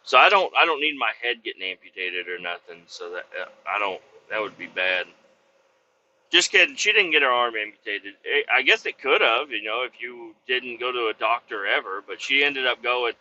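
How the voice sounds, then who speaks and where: A man's voice: medium pitch, animated, moderate pace, pushed and bright. A man who drives trucks, telling rambling stories in a crude, profane, joking way. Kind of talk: rambling casual storytelling. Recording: dull lo-fi sound.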